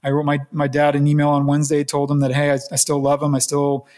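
A man being interviewed, recounting a personal story in an earnest, reflective way with halting restarts. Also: fairly high pitch, completely flat delivery, a little mellow. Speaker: interview guest.

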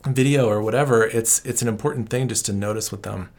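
A man answering interview questions as a trauma counselor, in a calm, explanatory and reassuring tone. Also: on the low side, quick pace.

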